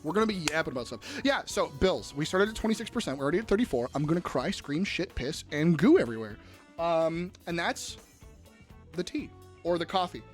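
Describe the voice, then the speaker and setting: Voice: medium pitch, big pitch swings, a little fast, faint music behind. A livestreamer chatting casually with viewers, rambling, giggling often and swearing freely.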